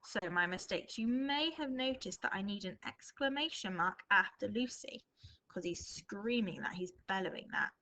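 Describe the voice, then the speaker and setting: Woman, primary teacher, mid pitch, talks through her drafting and reads examples slowly with expression. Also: expressive, pushed and bright, rough recording. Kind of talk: recorded remote writing lesson.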